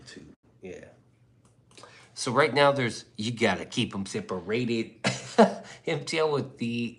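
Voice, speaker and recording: A man's voice: on the low side, fairly bright tone. A man hosting a livestream in rambling casual chat, profane and loose, often laughing. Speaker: livestream host.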